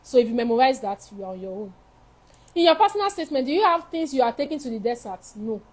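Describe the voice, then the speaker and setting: A high-pitched woman coaches students in a live advice session. She talks frankly and with emphasis, and she drives each point home by repeating it. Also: very animated, fast talker, a little mellow, poor audio. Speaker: study-abroad counselor. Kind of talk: live advice session answering viewer questions.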